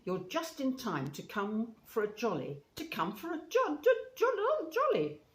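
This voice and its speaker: A woman's voice: fairly high pitch, wildly swooping pitch, measured pace, voice pushed up. A woman blustering as a vain, boastful toad. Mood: hearty. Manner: hearty bluster, stammering indignation. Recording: roomy with faint hiss.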